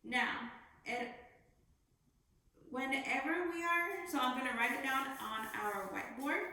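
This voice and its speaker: A woman teacher giving a phonics lesson to young children, speaking slowly and enunciating clearly. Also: a little high, bright, forceful tone. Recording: very echoey room, faint noise.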